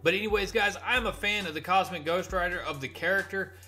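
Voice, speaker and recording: Male comic reviewer, casual and animated, a little high-pitched, soft music behind. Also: brisk. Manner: animated retelling with frequent restarts.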